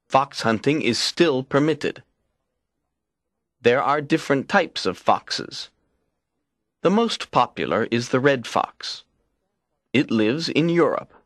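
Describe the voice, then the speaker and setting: A man reading textbook exercise instructions and a short factual passage slowly and deliberately. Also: medium pitch, a bit bright, dry recording, clean studio sound. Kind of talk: scripted lesson reading.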